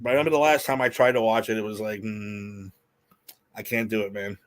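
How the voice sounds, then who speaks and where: A man's voice: mid-range voice, very fast. A man co-hosting a podcast in casual chat, rambling with frequent laughter and restarts. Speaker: podcast co-host.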